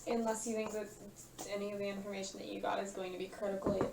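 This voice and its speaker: A woman at a tabletop game table makes dry, joking remarks in a mid-pitched voice. The room is echoey and a steady noise sits behind her. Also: racing, creaky, recorded from a distance. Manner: wry, joking. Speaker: player.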